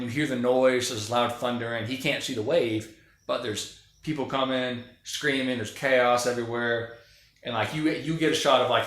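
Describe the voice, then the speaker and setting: A man's voice: mid-range voice, fairly bright tone. A man giving an opinionated, rambling, profane casual monologue about films. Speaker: film commentator. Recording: very echoey room.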